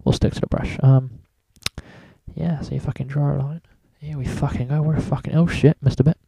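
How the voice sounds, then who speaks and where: A man's voice: a little high, flat delivery, normal speed, gravelly, dark tone, slightly rough, dry recording. A man talking casually through a drawing tutorial, rambling and swearing in almost every sentence. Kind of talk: casual screen-recorded tutorial.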